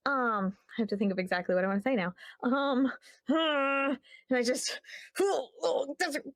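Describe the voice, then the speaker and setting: Tabletop player, a woman with a very high, lively voice; excited and rambling, dry close sound. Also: no room sound. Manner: excited, rambling, quick to laugh. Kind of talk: casual tabletop game chat.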